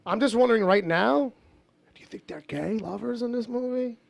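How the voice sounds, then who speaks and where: A man's voice: very high-pitched, normal speed, vocal fry, no echo. A man co-hosting a podcast, joking and teasing his co-host in casual chat.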